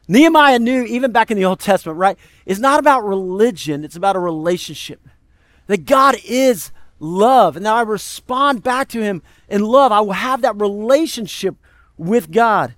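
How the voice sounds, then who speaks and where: A man preaching a sermon as pastor, animated and conversational, talking straight to the congregation. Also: sits high, normal speed, dry recording, studio quality.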